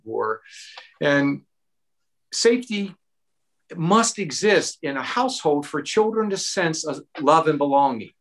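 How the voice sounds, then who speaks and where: A middle-aged man answering a question at a town hall, earnest and animated, giving parenting advice with personal stories. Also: fairly high pitch. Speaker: mental health expert.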